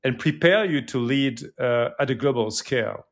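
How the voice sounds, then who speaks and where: A man's voice: mid-range voice, moderate pace. A man hosting a podcast interview, asking questions and chiming in with short agreements, heard from a little farther off the mic. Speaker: podcast host. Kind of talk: conversational interview.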